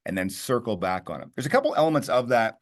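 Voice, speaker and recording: A Canadian man coaching real estate agents on phone scripts, animated and emphatic with lots of inflection. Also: mid-range voice, quick pace. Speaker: real estate team leader, co-host. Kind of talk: sales coaching talk.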